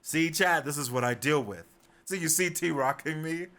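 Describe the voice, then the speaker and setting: A man streaming a game, putting on a deep, mock-serious voice. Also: moderate pace, sharp tone.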